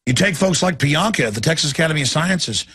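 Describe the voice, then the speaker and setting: A man's voice: on the high side, lively intonation, fast talker, pushed and bright, dry recording, studio quality. A middle-aged man hosting a talk show, ranting intensely and acting out voices as he goes. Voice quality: gravelly. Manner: intense, acts out voices mid-rant. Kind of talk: impassioned talk-radio rant.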